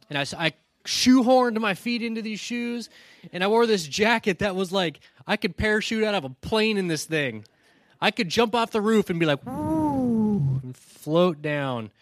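A man's voice: high voice, fairly bright tone, no echo, studio quality. A male pastor giving a sermon in a conversational, storytelling way, often checking in with "right?" and earnestly challenging his listeners.

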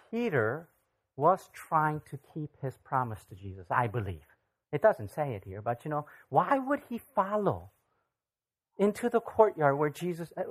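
A preacher delivering a sermon with a lively, rising-and-falling voice. The talk is conversational, with frequent direct questions thrown out to the audience. The pitch sits in a middle register. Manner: conversational, acts out scripture voices.

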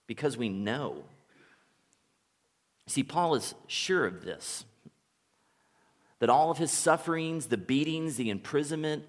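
A man preaching a sermon as a pastor, relaxed and conversational, telling stories and chuckling now and then. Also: mid-range voice, long reverb tail. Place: church sanctuary.

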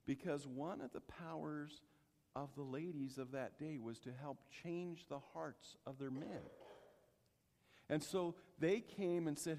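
A man preaching a sermon, telling the story with lively acting-out and speaking straight to the congregation. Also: on the high side, slow, in a large hall. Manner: animated storytelling, addresses congregation directly.

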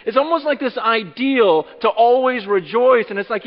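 A man preaching a sermon as pastor, acting out what listeners might say in lively bursts. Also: very high-pitched, moderate pace, few pauses, in a large hall, highs cut off. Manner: animated, acts out imagined speech of listeners. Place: church sanctuary.

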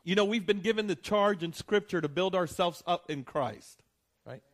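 A man preaching in a slightly higher register than most men. He talks to the congregation in an easy, conversational way, often asking "right?" and circling back to repeat his points. At times he presses a line harder for emphasis. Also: normal speed. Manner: conversational preaching with frequent "right?" and restarts, rising to emphatic peaks. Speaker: pastor. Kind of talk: sermon.

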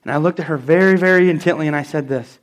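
A middle-aged man preaching a sermon in church, telling stories and stressing key phrases with slow, emphatic repeats. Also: a little high. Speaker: pastor.

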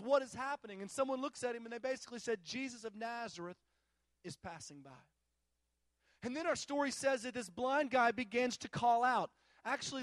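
A man's voice: very high-pitched, a bit bright, no echo. A male pastor delivering a sermon, telling a Bible story with emphatic repetition.

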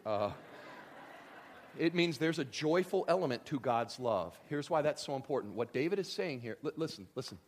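A man preaching a sermon as pastor, joking and animated, swinging from loud lines to hushed ones. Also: medium pitch, moderate pace.

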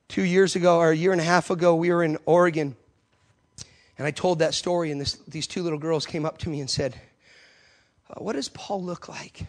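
A man preacher telling a story in a sermon, with emphatic, repetitive phrasing. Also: fairly high pitch.

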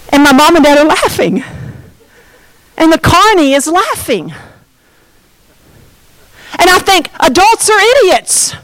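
Middle-aged woman preacher, high voice, dry sound, animated story with hushed dramatic bits. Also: slow, pauses often, no echo. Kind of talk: sermon with personal story.

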